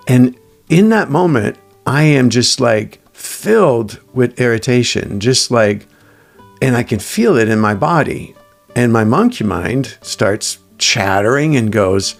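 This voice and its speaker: A man giving a reflective self-help talk, telling everyday stories in a thoughtful, halting way. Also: mid-range voice, animated, creaky, soft background music. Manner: thoughtful, halting, with restarts and quoted inner voice. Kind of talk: reflective solo talk with anecdotes.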